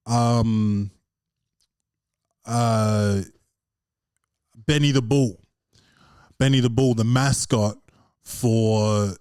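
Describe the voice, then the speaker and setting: A young man talking his way through a casual solo podcast from home, loose and rambling, heavy on slang and swearing. His pitch sits in the middle for a man, and the sound is dry and close with no room around it. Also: a little mellow, dry recording. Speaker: podcast host.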